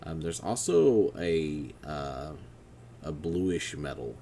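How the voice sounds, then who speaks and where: A man narrating as game master of a tabletop game, halting and full of fillers as he describes things. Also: very deep voice, sing-song, vocal fry, mellow, slight background noise. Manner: halting, many fillers and restarts.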